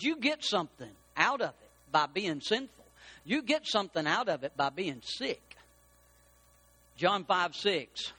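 A man preaching a sermon as pastor, with emphatic repetition that builds toward shouting. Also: high voice.

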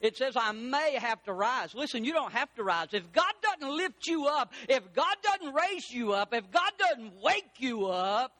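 A man preaching a sermon as pastor, animated and rising to shouts for emphasis. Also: extremely high pitch, measured pace, few pauses.

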